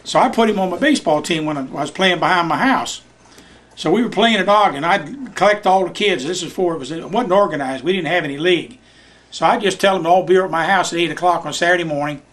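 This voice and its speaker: Brief: older man, high-pitched folksy storyteller, home interview. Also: fast talker, fairly bright tone. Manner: folksy Southern storyteller, acts out voices in his anecdotes. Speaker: retired youth baseball coach. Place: living room of his house.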